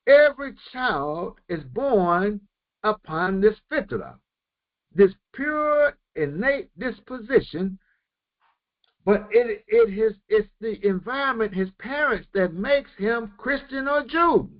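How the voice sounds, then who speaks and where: Brief: male religious teacher, slow and measured, rises and falls a lot, dull lo-fi recording. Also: sits high, lively intonation. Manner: repeats phrases for emphasis, halting restarts. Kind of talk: Quran commentary lesson.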